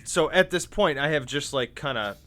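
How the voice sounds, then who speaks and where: Lively-voiced man playing a tabletop game. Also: a little high, moderate pace. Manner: rambling, giggly, restarts often. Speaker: player. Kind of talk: casual tabletop role-play.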